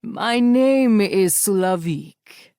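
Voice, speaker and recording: A woman voicing a sinister older man who speaks slowly in a silky, deep, taunting voice, as part of an audiobook reading. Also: expressive, mellow, clean tone, no room sound, clean studio sound. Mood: mocking. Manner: slow, taunting, amused.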